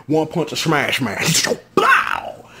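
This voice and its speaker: Excitable man with a wildly lively voice. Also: normal speed. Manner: animated, joking, slangy, leaps into high shouts. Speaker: show recap vlogger. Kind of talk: casual hyped episode review.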